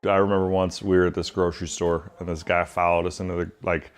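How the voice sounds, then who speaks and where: A man interviewee casually telling a story in a laid-back, slangy way, growing animated as he goes. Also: deep voice, fast, clear, resonant tone.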